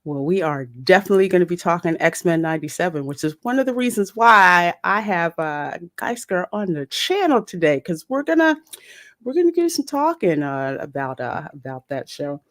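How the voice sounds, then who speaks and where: Woman hosting a live stream, lively up and down voice, reads the chat, dry close sound. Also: on the low side, normal speed, no room sound. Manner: animated, reads chat names aloud, laughs easily. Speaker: podcast host.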